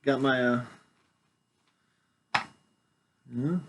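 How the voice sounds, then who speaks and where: A man in his forties from Washington state speaks into a headset microphone at an ordinary middle pitch. He reads a formal legal declaration aloud, sometimes mumbling or trailing off. He breaks the formal reading with playful, joking asides. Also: fairly even intonation, drawn-out words, a bit bright, husky. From Washington, United States. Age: 40s. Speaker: video host reading his own documents.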